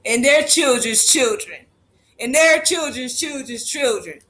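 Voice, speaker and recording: A man with a strikingly high voice rants to his livestream, swearing hard and repeating himself for emphasis. His tone is bright and sharp. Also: a little slow. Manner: profane, emphatic, repeating lines for force. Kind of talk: impassioned livestream rant.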